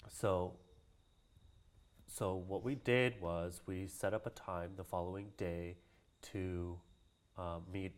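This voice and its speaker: A man from Hawaii with a fairly low voice tells a personal story in a relaxed interview. He acts out the people he quotes and laughs often. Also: slow, long pauses. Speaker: guest, Hawaiian cultural practitioner.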